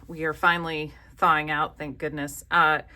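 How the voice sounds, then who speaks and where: A woman's voice: sits low, level tone, normal speed, sharp tone. A woman from the South, hosting a casual crafting vlog in a chatty, gushing, self-deprecating way. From American South. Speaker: craft channel host.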